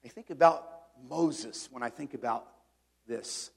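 A man preaching a sermon in an earnest way. He swings between emphatic rising points and quiet, reflective reading. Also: medium pitch, measured pace, vocal fry, breathy edge. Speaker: pastor.

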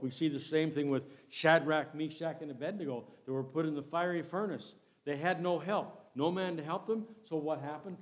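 A man preaching a sermon, reading King James verses aloud and swinging between loud and soft delivery. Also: mid-range voice.

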